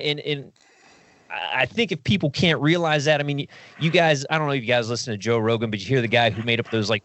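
Profane, rambling man with a high voice. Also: no echo. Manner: rambling, profane, animated with impressions. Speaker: podcast guest. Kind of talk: casual podcast discussion.

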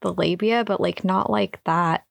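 A woman's voice: fairly low pitch, fairly even intonation, a little slow, creaky, dry recording. Woman with dry teasing quips. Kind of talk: casual group chat.

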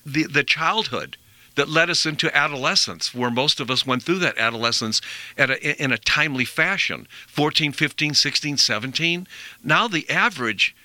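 A middle-aged male radio host with a very bright, forward voice, recorded dry and close on a studio mic. He talks earnestly about health, rambling and doubling back on his words. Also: fairly high pitch, no room sound. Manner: rambling, earnest, repeats himself. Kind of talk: conversational health talk.

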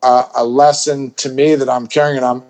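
A man's voice: medium pitch, little pitch movement, brisk, a little mellow. A man telling a story as a podcast guest, rambling with lots of restarts and swearing freely. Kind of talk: casual storytelling chat.

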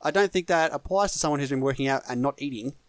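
A man's voice: mid-range voice, quick pace, no room sound. An Australian man co-hosting a casual film review podcast, chatty and joking. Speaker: podcast co-host.

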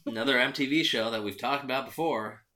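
A man's voice: mid-range voice, fast talker, sharp tone. A man co-hosting a casual podcast chat, talking in a laid-back, agreeable way. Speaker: podcast co-host.

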